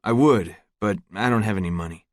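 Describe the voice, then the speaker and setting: A man voicing a defiant, vengeful teenage boy with a rough, cocky edge. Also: lowish voice, brisk, no room sound, clean studio sound, close to an everyday voice.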